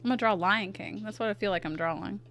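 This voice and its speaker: Bright-voiced woman chatting on stream. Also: medium pitch, quick pace, faint music behind. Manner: chatty, reads chat aloud and answers it, self-deprecating. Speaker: art streamer. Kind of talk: casual live-stream chat while drawing.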